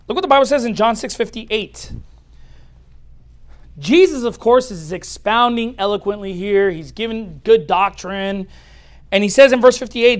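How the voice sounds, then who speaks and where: A man preaching a sermon as pastor, swinging from loud declarations to quiet asides and laughing at his own points. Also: high voice.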